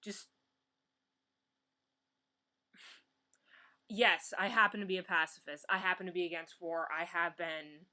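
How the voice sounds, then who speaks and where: A woman's voice: lowish voice, fairly even intonation, slow, pauses often, bright, forceful tone. A young American woman giving a heated political rant as a vlogger, blunt and swearing, often breaking off and restarting, recorded on a built-in computer mic at home. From United States.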